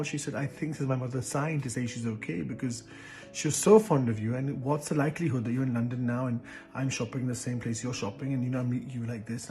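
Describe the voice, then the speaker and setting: A man's voice: medium pitch, warm tone. A man who is a reality show contestant, telling a touching story to camera in an earnest, emotional way, repeating himself and restarting often. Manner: earnest, repetitive, many fillers and restarts. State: emotional, close to tears.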